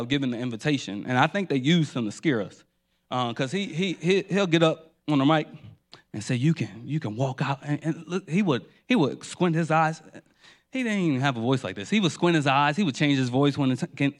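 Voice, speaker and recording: Man preaching in rhythmic refrains. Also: on the high side. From New Jersey. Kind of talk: sermon.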